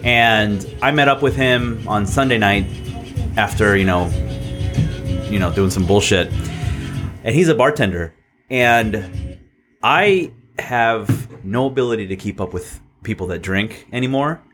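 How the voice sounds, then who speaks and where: A man's voice: fairly low pitch, animated, a little slow, over music. A man in his thirties from Southern California, co-hosting a podcast in casual chat, rambling through a story with restarts and laughs. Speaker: podcast co-host.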